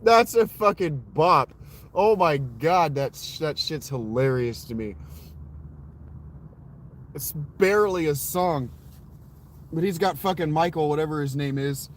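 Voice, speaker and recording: A man's voice: a little high, measured pace, pauses often, a little hiss or hum. A man chatting casually and swearing a lot as he reacts to music, often breaking into laughter. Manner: profane, laughing, animated.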